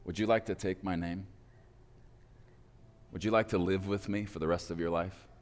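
A man voicing a somber, powerful, wealthy father who speaks slowly, quietly and gravely. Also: deep voice, fairly even intonation, long reverb tail, close to an everyday voice.

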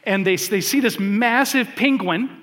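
A man preaching a sermon, speaking to his congregation conversationally, with lots of fillers and animated asides. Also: high voice, unhurried, big-room sound. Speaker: pastor.

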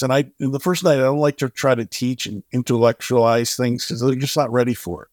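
A man guest on an interview show, telling stories in an animated way and acting out the voices of the people in them. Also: brisk, hardly any pauses, no echo, studio quality. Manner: animated, acts out quoted voices with big pitch jumps. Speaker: charity co-founder, guest. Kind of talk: storytelling in an interview.

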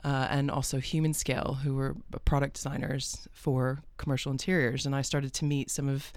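A woman's voice: extremely low pitch, level tone, moderate pace, a little mellow, no echo. Chatty woman with a mixed American-British accent. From United States. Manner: chatty, rambling storyteller with frequent fillers and laughs. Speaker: podcast guest, architect. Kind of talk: conversational interview. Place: podcast studio.

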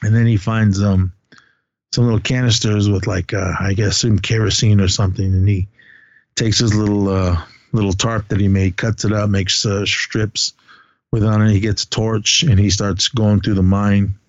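A man's voice: lowish voice, level tone, moderate pace, dry recording, dull audio. A man casually recapping a movie in a rambling way, with lots of fillers and swearing.

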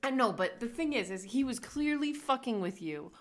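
A woman's voice: a little high, expressive, normal speed, crowd noise. A woman co-hosting a podcast, reacting with teasing disbelief and frequent laughter in casual chat. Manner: incredulous, teasing, laughs often. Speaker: podcast co-host.

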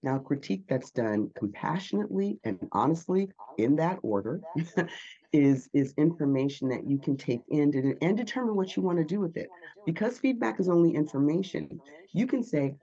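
Animated man coaching on public speaking. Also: a little high, normal speed, breathy edge, highs cut off. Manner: animated, acts out quoted inner voices. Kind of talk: interview answers.

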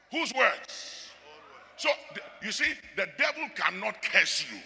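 A male pastor preaching a sermon, trading calls and answers with the congregation and swinging from shouted lines to near murmurs. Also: high-pitched, very animated, normal speed, gravelly. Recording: long hall reverb.

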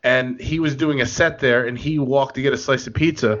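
A man co-hosting a casual podcast, telling rambling stories in an excitable way and laughing often. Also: mid-range voice, brisk. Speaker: podcast co-host. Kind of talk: casual chat. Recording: dull lo-fi podcast audio.

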